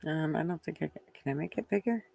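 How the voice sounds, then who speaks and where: A man co-hosting a live stream, casual and teasing in quick back-and-forth. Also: a little high, gravelly, a little mellow.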